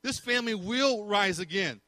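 Man doing bright, taunting God voice, mocking and sure of victory. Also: high voice, lively intonation, moderate pace, dry recording, voice pushed up. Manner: taunting, emphatic, slangy. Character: confident male God mocking the enemy, laughing.

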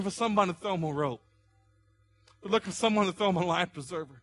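Impassioned pastor preaching. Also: male voice, sits high, fast talker, long pauses. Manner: impassioned preaching with rising, shouted pleas. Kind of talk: sermon.

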